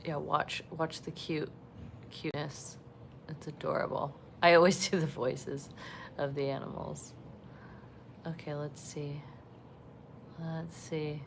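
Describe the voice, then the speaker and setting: A woman hosting a casual livestream from a resort balcony, chatting softly and gushing over the animals she sees. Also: deep voice, little pitch movement, takes it slowly, vocal fry, long pauses, slight background noise. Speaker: vlog host. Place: resort balcony overlooking savanna, outdoors.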